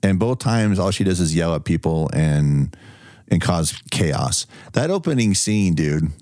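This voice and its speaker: Animated, profane man reviewing movies. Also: low-pitched, a little slow, no room sound, studio quality. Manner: animated, profane, laughs often. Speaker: podcast co-host. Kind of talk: casual movie review chat.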